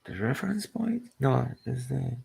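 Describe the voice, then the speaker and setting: A man's voice: mid-range voice, very animated, unhurried, creaky, a little mellow, slightly rough. A man chatting casually while drawing, rambling and searching for words. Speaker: artist narrating his drawing.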